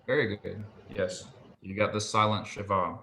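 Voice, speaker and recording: Male tutor, lowish pitch, crisp bright tone, patient and encouraging. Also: flat delivery, slight background noise. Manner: patient, encouraging, models pronunciation slowly. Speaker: Hebrew tutor. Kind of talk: one-on-one language lesson.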